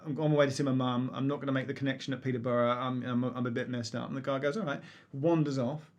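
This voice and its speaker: A man co-hosting a casual quiz livestream, telling a story in an animated way and laughing often. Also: mid-range voice, quick pace, muffled recording. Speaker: quiz co-host.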